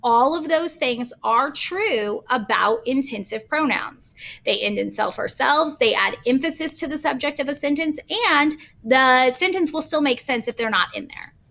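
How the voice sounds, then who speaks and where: A woman's voice: high voice, bright, forceful tone. A woman teacher recording a grammar lesson, patiently explaining with examples step by step.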